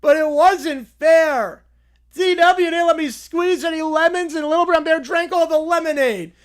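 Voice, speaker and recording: A man's voice: extremely high pitch, unhurried, voice pushed up. A man voicing whiny, spoiled little kids who demand and complain. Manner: whining, demanding.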